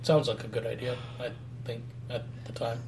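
A man's voice: medium pitch, steady tone, moderate pace, creaky, a little mellow, far from the mic, a little hiss or hum. A man playing a tabletop game, speaking hesitantly and stumbling over his words. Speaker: player.

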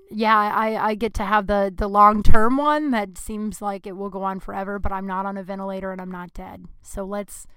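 A woman talks alone on her podcast, candid and rambling, with a smooth, resonant voice and plenty of casual swearing. She sounds ill and low on energy. The recording is dry and close, with no room sound. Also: fairly bright tone, dry recording. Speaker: podcast host. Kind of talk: candid solo podcast talk.

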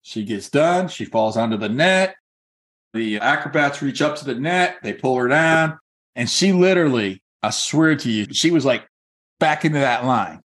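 A man's voice: medium pitch, lively intonation, normal speed, a bit bright. A man giving a motivational talk as a real estate coach, telling a personal story in a conversational, encouraging way with many casual fillers. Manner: earnest and encouraging.

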